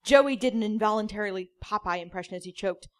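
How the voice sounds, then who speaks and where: A woman comedian reading a story aloud in a deadpan manner, now and then cracking up. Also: mid-range voice, fast talker. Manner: deadpan, breaks into laughter.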